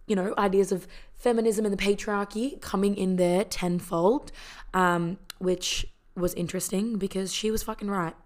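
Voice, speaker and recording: Woman, casual movie recap, heartfelt and chatty, lots of fillers, slightly low voice. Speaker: vlogger.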